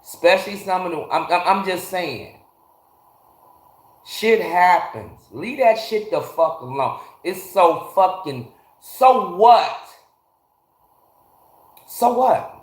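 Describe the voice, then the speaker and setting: Guy ranting on a phone livestream, swears a lot, kinda high voice, echoey garage. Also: very animated, slow, long pauses. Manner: blunt, profane ranting, greeting chatters by name. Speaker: livestream host. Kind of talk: casual livestream chat with viewers.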